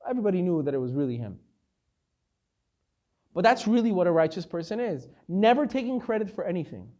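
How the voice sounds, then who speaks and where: High-voiced rabbi teaching a lively lesson. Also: male voice, fairly quick, lo-fi sound. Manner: animated, conversational, sprinkles Hebrew terms. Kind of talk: Torah lecture with storytelling.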